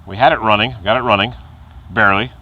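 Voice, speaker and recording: A man's voice: fairly low pitch, fairly even intonation, fast, muffled recording. A man casually telling a rambling car repair story outdoors at night, chuckling and imitating the noises the car makes. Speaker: car hobbyist vlogger.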